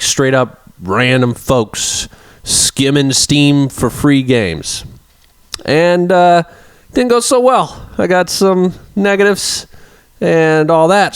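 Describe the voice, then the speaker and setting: A young man talks casually into his vlog at an ordinary middle pitch. He is animated and self-mocking, swinging between excited bursts and a mock-gloomy mutter. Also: clear, resonant tone. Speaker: indie game developer. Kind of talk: casual vlog reading out reviews.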